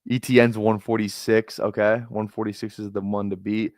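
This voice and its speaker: A man from Minnesota chatting casually on a live stream while drafting fantasy football, rambling into excitable, profane rants full of filler words. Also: on the low side, normal speed, no echo, studio quality. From Minnesota, USA.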